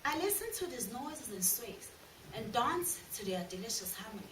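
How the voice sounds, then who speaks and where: A woman's voice: a little high, big pitch swings. Woman reciting poetry from afar. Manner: measured, declamatory, rhythmic. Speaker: drama student. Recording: echoey room, from far off, noisy.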